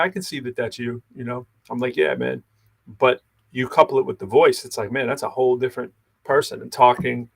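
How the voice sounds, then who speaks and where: Gravelly-voiced man musing casually. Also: medium pitch. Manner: slangy, rambling, heavy on "you know"; thinks aloud with restarts and asides. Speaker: podcast co-host. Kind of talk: casual reflective talk.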